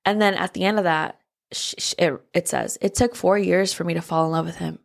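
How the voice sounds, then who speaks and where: A woman's voice: lowish voice, fairly even intonation, brisk, gravelly. A woman co-hosting a book podcast in casual chat, laid-back and swearing freely as she reads passages aloud. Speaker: podcast co-host.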